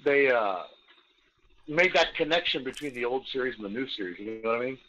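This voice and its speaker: A man co-hosts a podcast, chatting casually and rambling through strong opinions, sometimes slipping into mock impressions. His mid-range voice is expressive and brisk with a sharp edge. The recording sounds dull and lo-fi, with a faint hiss or hum.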